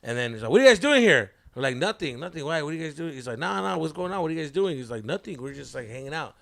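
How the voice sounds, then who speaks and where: A man, a podcast host telling a story in casual chat, profane and animated, acting out quotes. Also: on the high side, very fast, gravelly. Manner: animated, profane, laughs a lot, acts out quotes.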